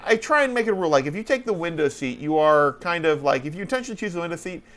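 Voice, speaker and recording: A man's voice: on the high side, rapid-fire. A man hosting a talk show, chatting casually and rambling through stories with many hesitations. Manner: rambling, hesitant, animated storytelling. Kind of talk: casual chat.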